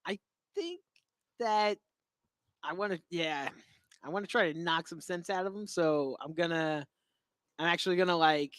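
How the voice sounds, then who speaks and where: A man's voice: a little high, moderate pace, long pauses, fairly bright tone, smooth, dry recording. A man playing a tabletop game, asking the game master questions and restarting his sentences while he decides what to do. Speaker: player. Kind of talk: casual tabletop game talk.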